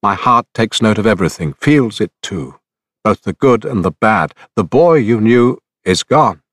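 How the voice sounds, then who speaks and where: A frustrated young prince pours out his troubles, as a man reads them. The tone is earnest and quick. It sounds low and dry, like a storybook reading. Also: animated, a bit bright, no room sound.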